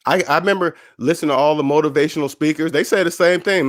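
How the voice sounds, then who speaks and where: A man with a somewhat high voice talks in a loose, motivational monologue, hosting his own personal finance show. He gets animated and acts out the voices of coworkers and friends as he tells his stories. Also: fast. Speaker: personal finance channel host.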